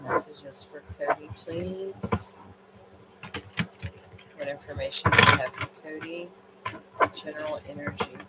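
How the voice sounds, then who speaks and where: Late at night, a tired woman does a casual tarot reading on a livestream, chatting and rambling with fillers. Her voice sits low and slow, with long pauses, and the audio is very noisy.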